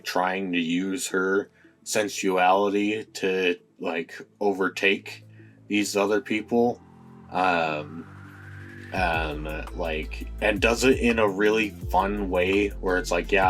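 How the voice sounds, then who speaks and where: Male film reviewer, unhurried delivery, halting and filler-heavy, faint music underneath. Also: fairly low pitch. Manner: hesitant, many fillers and restarts. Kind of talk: casual spoken film review.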